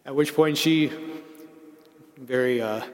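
A man preaching a sermon in a measured, reflective way, slowing down to stress key words. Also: mid-range voice. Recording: long reverb in a large hall.

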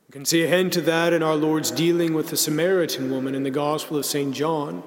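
A man preaching a sermon in a measured, reflective way, slowing down to stress key words. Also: a little high, steady tone. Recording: long reverb in a large hall.

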